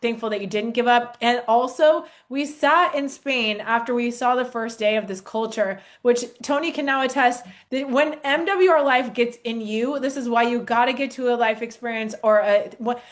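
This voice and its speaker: An animated woman in her forties speaks earnestly to a crowd, her voice pitched a touch high. She talks straight to her listeners with eager conviction. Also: moderate pace, few pauses. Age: 40s. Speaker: network marketing speaker. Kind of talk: storytelling testimonial on stage.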